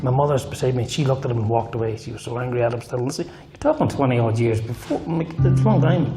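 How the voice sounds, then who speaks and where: Faint guitar drifts through a roomy church hall as a middle-aged Northern Irish man shares his testimony. Speaking at a quick pace in a medium-pitched voice, he is earnest and emphatic and keeps coming back to his key phrases.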